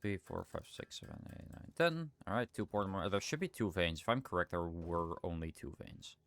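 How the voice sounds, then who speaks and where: Deep-voiced young man thinking aloud. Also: big pitch swings, moderate pace, a bit bright, clear, resonant tone, soft background music. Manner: thinks aloud, rambling and self-correcting. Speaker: livestreamer. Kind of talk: casual gameplay commentary.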